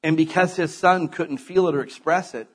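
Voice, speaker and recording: Husky-voiced man preaching conversationally. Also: fairly high pitch, normal speed. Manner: conversational preaching with rising emphatic bursts. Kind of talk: sermon.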